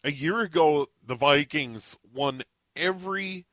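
A man talking sports on the radio in a measured, analytical way. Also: on the high side, fairly bright tone, no echo. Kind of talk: sports commentary chat.

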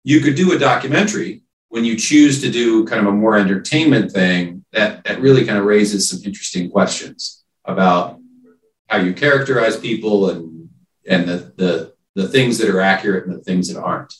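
Rich: A man with a fairly low voice talks at length in a casual discussion, stumbling over repeated words. He sounds set back from the mic in a roomy space. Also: normal speed, recorded from a distance.

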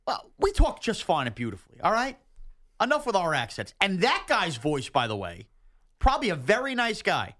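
A man's voice: sits high, normal speed. A man from Long Island hosting a sports radio show, talking in a casual, emotional, jokey way with a Long Island accent. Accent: Long Island New York. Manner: animated, emotional, jokey and self-mocking. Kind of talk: casual sports talk banter.

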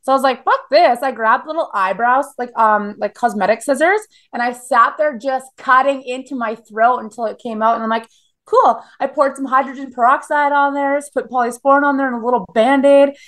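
A woman's voice: high voice, fairly even intonation, fairly quick, hardly any pauses, fairly bright tone. A woman in her thirties from Canada, telling blunt, profane stories in a casual interview with lots of "like" fillers. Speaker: guest.

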